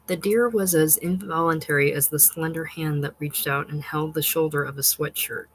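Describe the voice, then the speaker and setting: A narrator reading a literary short story in a measured, unhurried and expressive way. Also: mid-range voice, a little hiss or hum, rough recording.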